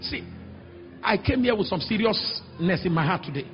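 A man's voice: high voice, normal speed. Nigerian man, pastor in a big church, acts out voices, long echo and faint music behind. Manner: animated, acts out quoted voices, sudden shouts. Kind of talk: sermon with storytelling. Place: large church hall. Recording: echoey hall, dull sound, faint music.

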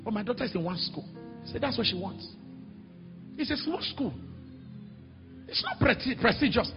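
Nigerian pastor, middle-aged, high gravelly preaching voice, animated storyteller with sudden shouts, echoey hall, dull sound. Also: male voice, moderate pace, over music. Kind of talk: sermon with storytelling. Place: large church hall.

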